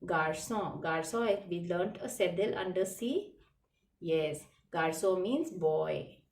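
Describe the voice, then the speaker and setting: A woman's voice: on the low side, expressive, takes it slowly, a little mellow, far from the mic. A woman teaching children a lesson in a patient classroom manner, repeating words and spelling them letter by letter. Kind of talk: slow classroom lesson explaining French words. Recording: roomy echo, voice from away from the mic.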